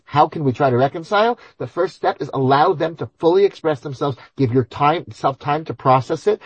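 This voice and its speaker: A man answering listeners' questions on ethics, animated, acting out imagined voices and mixing in Hebrew and Yiddish terms. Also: mid-range voice, breathy edge, no room sound, rough recording. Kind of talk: Q&A talk on Torah ethics.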